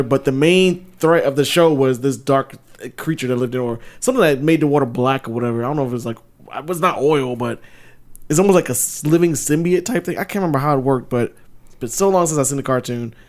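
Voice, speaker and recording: Excitable man, slightly high voice. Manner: excitable, profane, swearing to God, quick laughs. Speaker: podcast co-host. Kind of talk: casual chat.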